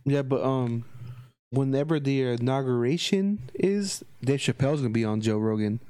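Male podcast co-host, warm dark tone, slangy banter, dry close sound. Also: mid-range voice, moderate pace, smooth, no room sound. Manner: slangy and profane. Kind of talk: casual chat.

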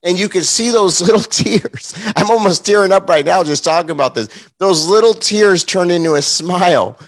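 A man's voice: high voice, lively intonation, moderate pace. A man preaching a morning sermon, telling a heartfelt personal story in an earnest, emotional way, with many fillers and restarts.

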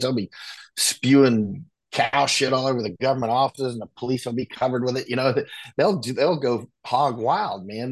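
An American war correspondent appears as a guest in a casual conversation, speaking bluntly with frequent restarts and animated asides. His voice is mid-range.

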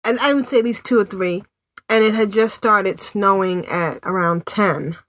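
A woman's voice: mid-range voice, normal speed, a bit bright, no echo. Chatty woman podcast host, dry sound. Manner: chatty, laughs often, many fillers. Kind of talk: casual chat. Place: home in New England city.

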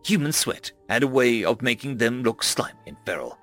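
A man's voice: mid-range voice, normal speed, few pauses, soft background music. Man narrating a sci-fi audiobook expressively. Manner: dramatic, expressive storytelling.

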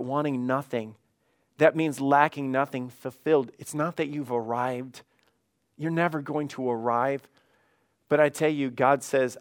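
A man, a pastor, preaching a fervent sermon with emphatic repetitions. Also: medium pitch.

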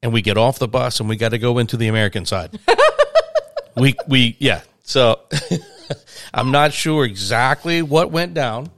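A man's voice: mid-range voice, moderate pace, pauses often, a bit bright, no echo, studio quality. A man telling a long, rambling touring anecdote in casual conversation, acting out the quoted voices. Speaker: touring musician guest. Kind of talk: storytelling in casual chat.

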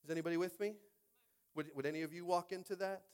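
Animated preacher calling to the congregation. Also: male voice, high voice, fast, clear, resonant tone. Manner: reads scripture verses aloud. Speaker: pastor. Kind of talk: sermon.

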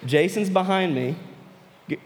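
Man, youth pastor, sermon with personal story, animated then earnest, fairly high voice, echoing hall. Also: measured pace, slight background noise. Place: large room with an audience. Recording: long reverb of a large hall.

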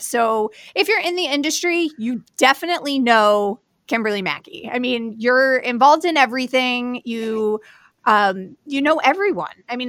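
A woman's voice: fairly high pitch, a bit bright, no room sound, studio quality. A woman co-hosting a podcast, effusive and enthusiastic as she welcomes a guest. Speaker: podcast co-host. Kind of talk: conversational interview.

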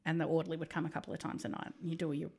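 A woman's voice: low-pitched, level tone, rapid-fire, creaky, a little mellow, husky. A woman, a nurse co-hosting a podcast, telling stories in a casual chatty way with lots of "like" and laughter. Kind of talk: casual storytelling chat.

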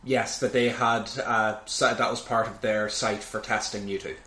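A man co-hosting a podcast in casual chat, speaking in halting bursts. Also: lowish voice, steady tone, sharp tone. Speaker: podcast co-host. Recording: echoey room.

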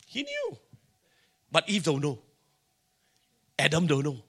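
A man's voice: a little high, wildly swooping pitch, takes it slowly, fairly bright tone, husky. A middle-aged man with a Singaporean English accent preaching a sermon, telling stories animatedly and acting out the dialogue. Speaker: pastor.

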